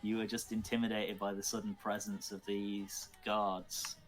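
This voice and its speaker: Guy dm, lowish voice, chill, music playing quietly behind. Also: little pitch movement, moderate pace, low-quality recording. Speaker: game master. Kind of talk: running a tabletop game online.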